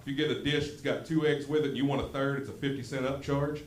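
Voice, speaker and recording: West Virginia comedian in an echoey club. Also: male voice, mid-range voice, fairly even intonation, quick pace. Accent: Southern West Virginia. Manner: self-deprecating, drawling storyteller. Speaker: stand-up comedian. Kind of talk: stand-up comedy set. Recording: echoey club room, audible noise.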